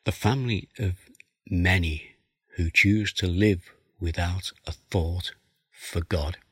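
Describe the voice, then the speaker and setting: A man's voice: low-pitched, fairly even intonation, slow, fairly bright tone, breathy edge, dry recording. A man preaching a sermon, explaining a passage of scripture verse by verse and reading it aloud. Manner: expository, reads scripture aloud.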